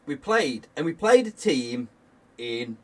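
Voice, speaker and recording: A man's voice: medium pitch, big pitch swings, slow, far from the mic. A young man, a guest on a game stream, telling a story in casual chat, rambling with restarts and laughing often.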